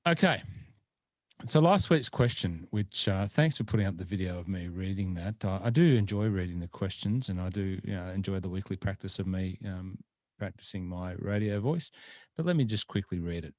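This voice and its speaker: A man's voice: deep voice, animated, normal speed, a little mellow, no echo. A man hosting a podcast, chatting casually and rambling with lots of fillers. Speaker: podcast host. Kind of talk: casual chat.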